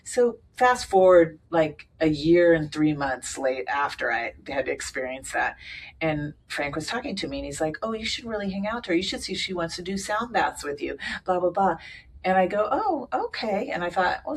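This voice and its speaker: Middle-aged woman, lowish voice, animated, laughing storyteller, faint background noise. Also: rough recording. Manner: animated, laughs often, acts out quotes. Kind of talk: casual chat, storytelling.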